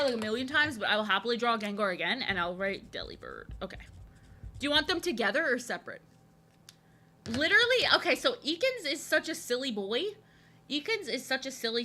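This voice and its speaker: A young woman chatting casually on a live stream while she draws, rambling and thinking aloud in an excitable way. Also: a little high.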